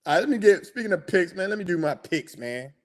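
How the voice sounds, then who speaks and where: A man hosts a loose sports talk stream, talking in slangy, excitable rambles. His voice sits a little high and leaps all over as he gets worked up. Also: fast talker. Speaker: sports podcast host. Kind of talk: casual sports talk livestream.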